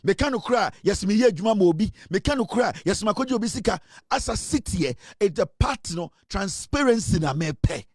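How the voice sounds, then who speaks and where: Ghanaian male commentator, fervent and animated, slightly high voice, dry close sound. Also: brisk, few pauses, dry recording. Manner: fervent, repeats rhetorical questions, mixes Twi and English. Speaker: political commentator. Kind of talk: impassioned political commentary.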